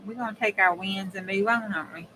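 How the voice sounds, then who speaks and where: A woman chats and laughs with viewers as she crafts on a casual livestream, talking fast in a bright, forceful, mid-range voice. The rough recording comes from a desk mic in her home craft room, where an air conditioner runs and a fan hums faintly.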